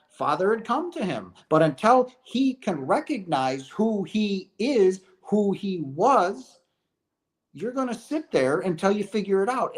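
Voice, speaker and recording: A middle-aged man giving an earnest, preachy spiritual talk to his viewers, often repeating phrases and asking "right?". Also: sits high. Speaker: host of a chat stream.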